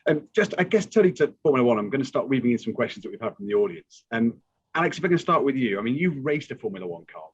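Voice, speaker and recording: A man moderating the panel, praising the guests and putting audience questions to them briskly. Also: mid-range voice, very animated, husky, lo-fi sound.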